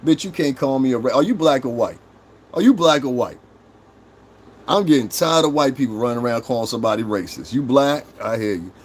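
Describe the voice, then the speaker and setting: A man's voice: mid-range voice, animated, brisk, slightly rough. Combative, foul-mouthed middle-aged male streamer. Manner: confrontational, mocking, swears constantly. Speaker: livestream host. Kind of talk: profane live-stream rant answering chat.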